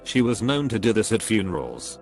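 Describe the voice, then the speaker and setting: A man narrating a string of short reader stories in an even, scripted reading. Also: lowish voice, brisk. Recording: faint music behind the voice. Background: faint background music.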